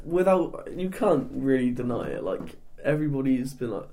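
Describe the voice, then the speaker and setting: A man's voice: mid-range voice, sing-song, moderate pace, dark tone. A man chatting on a podcast who jokes around, hesitates and trails off mid-sentence. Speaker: podcast co-host. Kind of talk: casual podcast chat.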